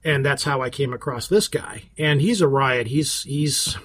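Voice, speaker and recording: A man's voice: medium pitch, measured pace, fairly bright tone. A man hosting a podcast in casual, rambling chat, often restarting his sentences. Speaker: podcast host.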